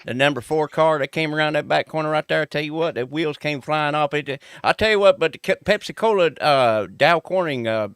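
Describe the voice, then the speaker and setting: A man doing a voice as an excitable good-ol'-boy racing announcer who rambles and keeps repeating a catchphrase. He puts the voice on during a casual podcast chat. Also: a little high, fairly quick, few pauses, smooth, dry recording, clean studio sound. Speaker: podcast co-host.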